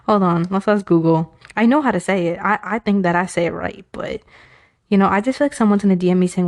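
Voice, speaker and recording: A woman from New York with a New York accent, hosting a casual advice talk in a chatty, animated way that drifts into playful self-mocking tangents. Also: mid-range voice, quick pace. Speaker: host of an Islamic advice podcast.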